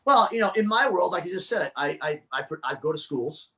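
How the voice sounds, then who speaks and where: Fired-up guy telling stories on a podcast, high voice, keeps restarting. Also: a little fast. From New Jersey. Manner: animated, excitable storyteller with many restarts. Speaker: guest, children's fitness performer. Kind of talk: casual interview chat.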